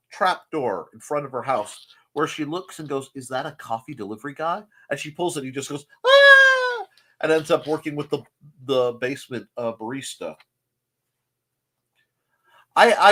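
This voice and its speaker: A man's voice: medium pitch, fairly bright tone. A man hosting a casual live morning stream, rambling through chat greetings with jokey, self-deprecating asides. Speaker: host of a live morning show.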